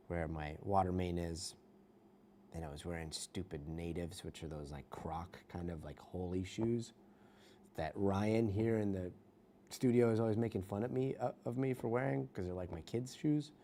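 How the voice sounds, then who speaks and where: A man's voice: deep voice, mellow, slight background noise. A middle-aged man, a news anchor, chatting casually with livestream viewers from a studio, self-mocking and reading comments aloud.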